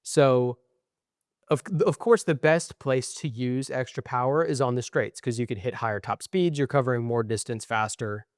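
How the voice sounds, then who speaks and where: A young man ranting in casual podcast chat, profane and frustrated, with a middle-pitched voice. The recording is dry and close, with no room echo. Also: fairly even intonation, normal speed. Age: young adult. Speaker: podcast co-host.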